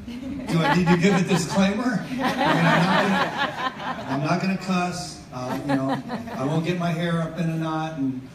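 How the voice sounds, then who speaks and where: A man's voice: sits high, expressive, normal speed, a loud crowd. A middle-aged man giving a casual, joking sermon as a guest speaker, chatty and self-interrupting. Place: church venue. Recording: echoey hall from far off, faint noise.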